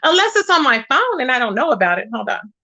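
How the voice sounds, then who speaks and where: A woman's voice: sits high, sing-song, fast talker, pushed and bright. A woman hosting a casual livestream, greeting viewers and chatting while she searches her screen. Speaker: livestream host.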